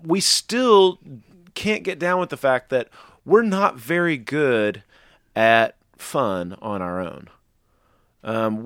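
A man's voice: medium pitch, fairly bright tone, dry recording, studio quality. A man talking earnestly in a faith podcast discussion, rambling with restarts and strong emphasis.

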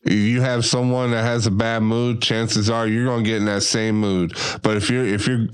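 A man's voice: on the low side, level tone, normal speed, clear, resonant tone. A man hosting a casual podcast conversation, talking in an easygoing, reflective way. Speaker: podcast host.

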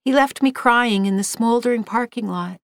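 A woman's voice: on the high side, normal speed, dry recording. Woman reading a somber ghost story. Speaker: narrator. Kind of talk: scripted story narration.

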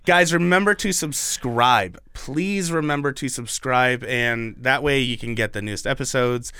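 A man's voice: medium pitch, unhurried, pushed and bright, smooth, no room sound, clean studio sound. A young man co-hosting a podcast in casual chat, rambling with restarts and the odd swear word. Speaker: podcast co-host.

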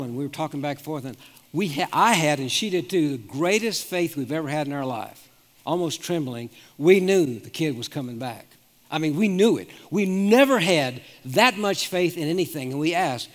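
A man in his seventies, a pastor telling personal stories in an earnest sermon, often restarting his sentences. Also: a little high. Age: 70s. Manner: earnest storytelling with frequent restarts. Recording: long reverb of a large hall.

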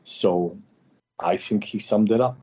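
A man speaking as a guest healer, telling personal stories in a halting way with many fillers and restarts. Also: fairly low pitch, darkish tone. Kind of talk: personal storytelling in conversation. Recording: slightly dull lo-fi audio.

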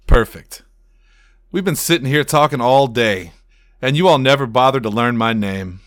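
A man's voice: mid-range voice, normal speed, fairly bright tone, no room sound, studio quality. A man co-hosting a comedy podcast, acting out a sketch in an indignant, over-the-top voice. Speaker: podcast co-host.

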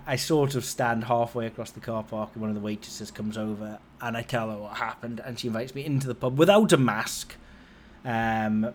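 Man in his forties telling a story. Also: a little hiss or hum. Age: 40s. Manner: rambling, conversational, lively swings in pitch and loudness. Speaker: podcast host. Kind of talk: casual storytelling.

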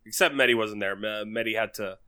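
A man's voice: on the low side, a little fast, sharp tone, clear, resonant tone. A man co-hosting a casual podcast chat over a call, rambling and swearing with many restarts. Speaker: podcast co-host.

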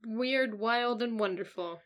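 A woman's voice: fairly high pitch, slow pace. A woman co-hosting a podcast, talking casually with lots of fillers and easy laughter. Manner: chatty, filler-heavy, laughs often. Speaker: podcast co-host. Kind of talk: casual chat.

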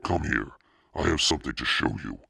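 A man reading aloud, voicing an energetic, insistent mother who talks briskly. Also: very deep voice, creaky, slightly rough, dry recording, clean studio sound, exaggerated voice. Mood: coaxing. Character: energetic, fast-talking artist mother.

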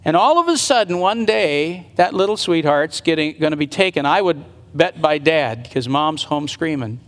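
In a large hall with long, lingering reverb, a man delivers a sermon, earnestly recounting a Bible story and musing aloud about what took place. His voice is on the high side, animated and a little bright, moving at a moderate pace.

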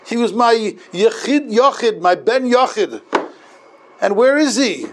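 A man voicing a gentle, fatherly elderly rabbi who pleads earnestly for an orphan boy. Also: very high voice, animated, a little slow, noisy background, voice pushed up. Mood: tender.

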